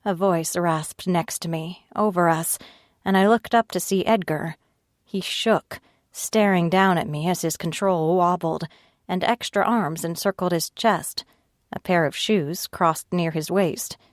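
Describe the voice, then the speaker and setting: A woman narrating an audiobook in first person, reading at a slow, steady pace and raising her pitch for the other characters' lines. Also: no echo, studio quality, close to an everyday voice. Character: tearful frightened young woman narrator, Ivy.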